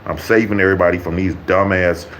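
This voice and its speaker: Low-voiced man ranting with heavy profanity. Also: level tone, quick pace, a bit bright, a little hiss or hum, poor audio. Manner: blunt, mocking, swears constantly. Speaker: YouTuber.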